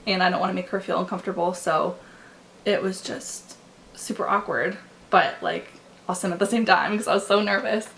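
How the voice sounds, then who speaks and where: A young woman tells a personal story to her camera, candid and halting, with frequent likes and restarts. Her voice sits in a middle pitch with a gravelly, creaky edge. A faint hiss of room noise from an open window sits behind her. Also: fairly bright tone, poor audio. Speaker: vlogger. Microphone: camera mic.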